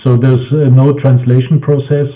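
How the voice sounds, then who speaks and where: A man's voice: medium pitch, little pitch movement, moderate pace. A man answering interview questions, hesitant and searching for words. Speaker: band member, interview guest. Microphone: voice call. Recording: tinny phone-like call audio.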